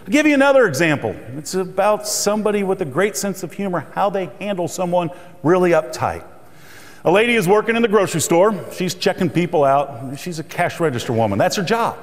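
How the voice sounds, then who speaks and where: A middle-aged male keynote speaker tells jokes and anecdotes on stage. His voice is a little high and very lively, rising and falling as he works the crowd. The conference hall adds a long, ringing echo. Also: brisk. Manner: storytelling, joking. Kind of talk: humorous motivational speech. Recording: reverberant hall.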